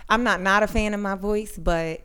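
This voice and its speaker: A woman comedian guesting on a podcast, talking in a soft, soothing, thoughtful way. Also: medium pitch, steady tone, normal speed, smooth. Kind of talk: casual interview chat.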